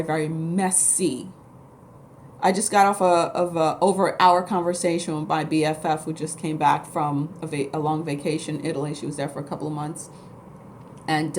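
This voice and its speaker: A woman's voice: low-pitched, fairly even intonation, normal speed, darkish tone, slight background noise. A woman from New York City, a spiritual vlogger who talks to camera in a blunt, emphatic, rambling way. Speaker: spiritual vlogger and Reiki practitioner. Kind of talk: casual rambling monologue to camera.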